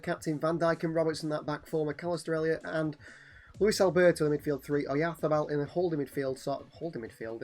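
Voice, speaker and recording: Hoarse man calling game goals. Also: a little high. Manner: excitable play-by-play, bursts of shouting at goals. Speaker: gaming channel host. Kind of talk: game commentary.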